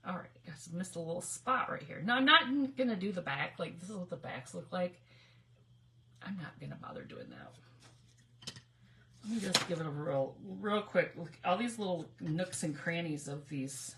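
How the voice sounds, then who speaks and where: A woman's voice: lowish voice, very animated, moderate pace, fairly bright tone, a little hiss or hum. A middle-aged woman from Michigan hosting a craft livestream, chatty, laughing often and greeting viewers by name. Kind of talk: casual livestream crafting chat.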